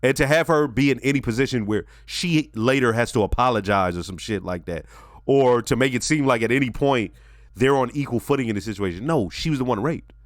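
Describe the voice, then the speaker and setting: Profane, animated man reviewing a TV episode. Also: medium pitch, a little fast, no echo, studio quality. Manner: animated, profane, talks straight to viewers. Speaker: TV reaction channel host.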